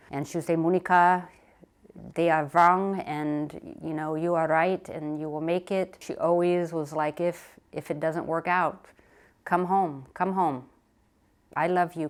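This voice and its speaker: A woman from North Carolina, an Air Force veteran, telling a heartfelt story in an oral history interview. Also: sits low. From North Carolina, USA. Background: music.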